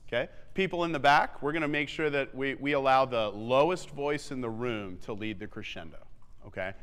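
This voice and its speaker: A man coaching a wind band in rehearsal, briskly counting off and singing the rhythms to show them. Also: mid-range voice, fairly bright tone, smooth. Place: theatre stage. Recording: long theatre reverb with faint band.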